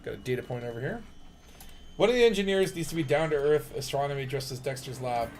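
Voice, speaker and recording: A man's voice: medium pitch, fast talker, slight background noise. A man streaming a game and chatting casually in a rambling, jokey way, with lots of fillers. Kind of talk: casual gaming chat.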